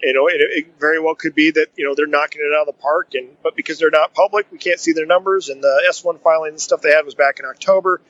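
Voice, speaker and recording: A man's voice: a little high, fairly even intonation, fast talker, few pauses, a bit bright. A man co-hosting a podcast, talking casually about the tech industry with a rambling, joking style full of filler phrases. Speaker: podcast co-host. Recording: dull lo-fi audio.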